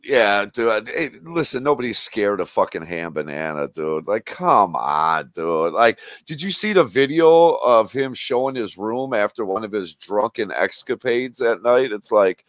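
A man's voice: lowish voice, lively intonation, a little slow, hardly any pauses, fairly bright tone, dry recording. A man from Wisconsin hosting a livestream, chatting casually in a blunt, mocking, profane way. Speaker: livestream host.

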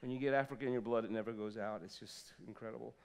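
A man in his fifties preaching a sermon in a church, swinging from loud exclamations to soft asides. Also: fairly low pitch, steady tone, racing, vocal fry, clean tone. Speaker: pastor. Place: church sanctuary.

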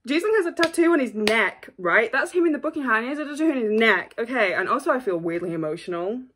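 A woman hosting a reaction video, chatting casually and gushing with quick bursts of excitement and apologies. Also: fairly high pitch, background noise.

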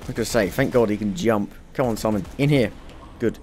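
A man's voice: fairly low pitch, a little fast, a little mellow, slight background noise. Chatty British man playing a game. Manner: chatty, talks to game characters, yelps when things go wrong. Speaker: let's play gamer. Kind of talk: gameplay commentary.

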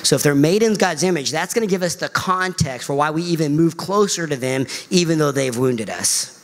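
A middle-aged male pastor preaching a sermon, animated and emphatic. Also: a little fast. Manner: animated preaching, pitch swings high for emphasis.

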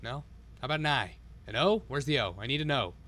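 A man's voice: mid-range voice, animated, a little fast, fairly bright tone. A man streaming himself playing a game, swearing constantly and talking to himself as he goes. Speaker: live streamer. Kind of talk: live-stream gameplay commentary.

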